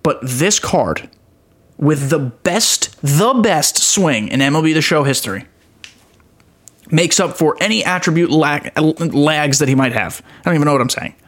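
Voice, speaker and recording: With a slightly high, somewhat bright voice and lively intonation, this young man speaks a little slowly. He hosts a laid-back gaming podcast, full of enthusiasm, wandering talk, and self-mockery.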